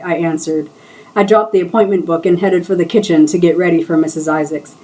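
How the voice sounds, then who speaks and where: A woman's voice: fairly low pitch, fairly even intonation, moderate pace, poor audio. A woman reading her own novel aloud in a live session, shifting her voice for the characters' dialogue.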